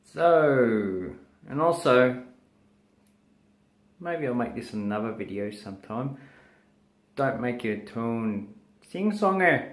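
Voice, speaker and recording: A man with an Australian accent, giving a casual, jokey video lesson on how Australians say words, spelling sounds out slowly. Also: mid-range voice, lively intonation, echoey room. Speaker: language teacher.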